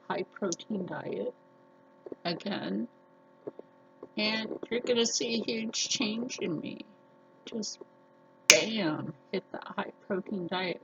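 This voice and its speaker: Slow-talking gravelly-voiced woman vlogger. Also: mid-range voice, lo-fi sound, noisy background. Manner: chatty and defiant, with frequent laughs. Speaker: sewing vlogger. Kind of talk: casual chat to camera.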